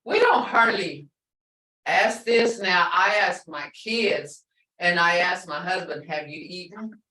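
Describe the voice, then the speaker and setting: A middle-aged woman teaching a language class, explaining patiently and repeating words slowly. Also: fairly low pitch, expressive, bright, forceful tone. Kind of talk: online language lesson. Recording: roomy sound from a distance.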